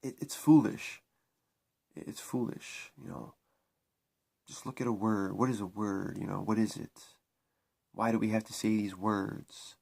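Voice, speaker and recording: A man's voice: fairly low pitch, steady tone, unhurried, gravelly, pauses often, a little mellow, slightly rough. Man preaching a spiritual vlog monologue. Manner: preachy, repetitive, emphatic restarts. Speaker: spiritual vlogger.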